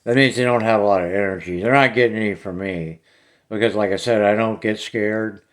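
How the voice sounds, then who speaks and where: A man's voice: fairly low pitch, fairly quick. A man, talking bluntly and plainly to camera about his paranormal recordings. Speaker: paranormal vlogger. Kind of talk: casual talk to camera.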